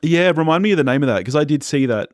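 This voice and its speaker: An Australian man co-hosting a film podcast, chatty and quick to laugh in casual banter. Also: fairly high pitch, no room sound, clean studio sound. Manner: chatty, laughs often, animated. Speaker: podcast co-host. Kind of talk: casual film-review chat.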